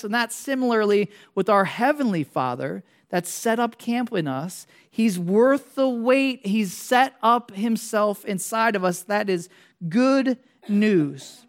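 A pastor with a high, expressive voice preaches a sermon a little slowly. He keeps it casual and conversational, asking the congregation questions and joking his way through tangents.

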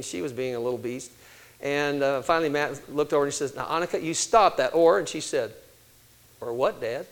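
Animated older man preaching a sermon. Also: on the high side, low-quality recording. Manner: animated storytelling with quoted voices.

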